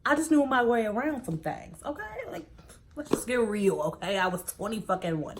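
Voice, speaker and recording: A young woman in her twenties tells a personal story straight to her viewers, loose and animated. She keeps saying "like" and acts out each person's lines in her own voice. Her voice sits at an ordinary middle pitch. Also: a little fast, noisy background. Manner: animated, quotes people in her own voice, says "like" a lot. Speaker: vlogger. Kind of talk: casual storytelling to camera.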